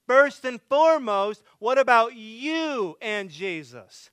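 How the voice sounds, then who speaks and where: A man preaching a sermon as pastor, moving between emphatic loud passages and hushed quiet ones. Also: very high-pitched, expressive, measured pace, hardly any pauses, smooth, dry recording.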